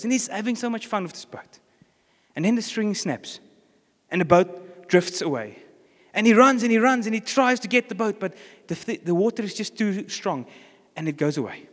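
A man with a South African accent, preaching a sermon as pastor and telling a story with acted-out lines. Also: a little high. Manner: storytelling, acts out characters' lines. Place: church. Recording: reverberant church hall.

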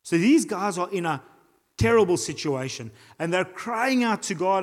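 Man, South African accent, pastor, lively sermon, fairly high voice, long church-hall reverb. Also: normal speed. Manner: animated preaching with acted-out voices and reading aloud.

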